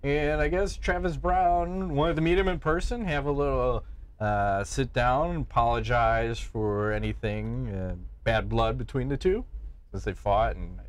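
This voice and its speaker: A man's voice: mid-range voice, a little slow. A man co-hosting a podcast in casual, joking chat, swearing freely. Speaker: podcast co-host.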